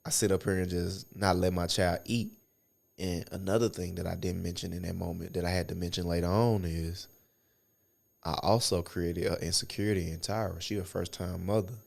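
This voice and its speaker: A young man co-hosting a podcast in casual chat, telling profane, animated stories from his own life. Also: low-pitched, moderate pace, creaky. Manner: animated, profane storytelling with acted quotes. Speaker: podcast co-host.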